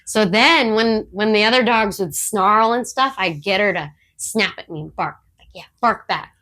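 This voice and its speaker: A talkative woman on a podcast, sharing dog-training stories in an easygoing way. She laughs often and breaks into quick quoted asides. Her voice sits at an ordinary middle pitch. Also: pushed and bright. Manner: chatty storyteller who laughs often; acts out her dog's thoughts in quotes. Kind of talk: casual podcast chat.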